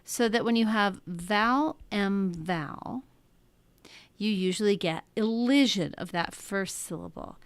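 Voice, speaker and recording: A woman's voice: mid-range voice, measured pace, no room sound. A woman teaching a lesson, talking methodically through each step. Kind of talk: classroom lecture.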